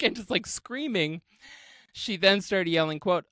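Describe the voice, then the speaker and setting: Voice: medium pitch, slow pace, long pauses, pushed and bright, no echo. A podcast host retelling a story in casual chat, laughing often, swearing freely and acting out the quoted voices.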